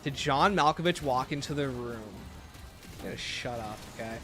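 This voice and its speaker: Playing a zombie shooter, a young male streamer keeps up joking, rambling banter with his viewers as casual livestream commentary. The voice is medium in pitch at a normal speed, fairly bright with a breathy edge, and soft music plays in the background.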